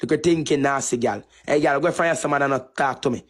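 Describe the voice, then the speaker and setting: A man's voice: medium pitch, fast. A man with a Jamaican Patois accent delivering a repetitive, taunting insult rant on a live stream. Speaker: TikTok streamer.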